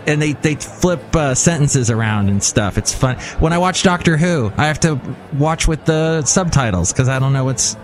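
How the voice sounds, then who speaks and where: A man hosts a podcast in a slightly raised voice, chatting casually with his guest. He jumps in with quick, eager reactions. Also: a little high, animated. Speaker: podcast host. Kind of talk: casual interview chat.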